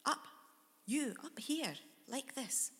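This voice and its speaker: Brief: woman playing young fairground girl, high and coaxing, broken English, long reverb. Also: animated, slow pace, fairly bright tone, full character voice. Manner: coaxing, insistent.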